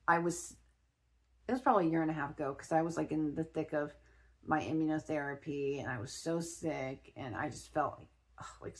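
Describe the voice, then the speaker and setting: Chatty spiritual vlogger woman, low voice. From Ohio, USA. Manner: chatty, with many restarts and fillers. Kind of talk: casual personal storytelling.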